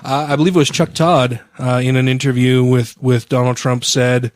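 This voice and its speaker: A man's voice: mid-range voice, little pitch movement, normal speed, dry recording, studio quality. A man co-hosting a podcast, telling a long story in casual, profane chat. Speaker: podcast co-host.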